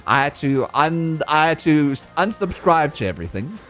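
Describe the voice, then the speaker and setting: A chatty, playful man streaming a game with a fairly high, very lively voice that jumps around. He slips into baby talk and sudden jokey yelps, and faint music plays behind him. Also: moderate pace. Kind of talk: casual live-stream gameplay commentary.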